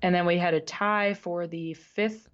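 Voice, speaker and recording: A woman's voice: lowish voice, steady tone, a little slow, highs cut off. A woman co-hosting a radio show, chatting casually and laughing often, sometimes stumbling over names. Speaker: podcast co-host. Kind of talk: casual sports chat.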